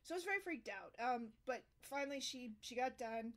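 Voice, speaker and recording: Animated high-voiced woman storytelling. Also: a little fast. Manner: animated, acts out quotes in higher voices. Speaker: host. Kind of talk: casual storytelling interview. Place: home.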